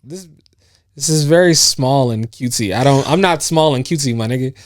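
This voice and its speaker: A man's voice: medium pitch, a little fast, no room sound, clean studio sound. A man co-hosting a podcast in casual chat, telling stories, laughing often and acting out what others said. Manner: storytelling, laughs often, acts out quotes. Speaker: podcast co-host. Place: indoors on a couch.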